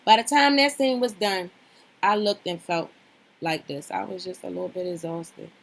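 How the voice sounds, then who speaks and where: A woman with a gravelly, mid-range voice speaks at a moderate pace as a reality show recap vlogger. Her commentary is casual and opinionated, full of swearing and repetition for emphasis, and she talks right at the people she's discussing.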